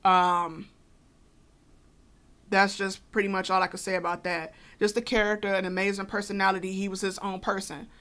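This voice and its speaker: A woman's voice: medium pitch, little pitch movement, moderate pace, fairly bright tone. A woman co-hosting a podcast, telling a personal story casually with many fillers and asides. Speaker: podcast co-host.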